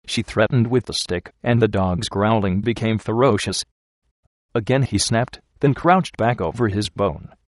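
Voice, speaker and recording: Low-voiced male audiobook narrator. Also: no room sound, studio quality. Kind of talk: storybook narration.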